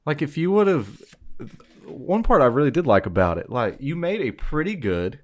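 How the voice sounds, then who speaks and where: A man's voice: on the high side, sing-song, moderate pace. A young man co-hosting a podcast in laid-back, blunt casual banter. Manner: laid-back, blunt, says dog and bro. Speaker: podcast co-host.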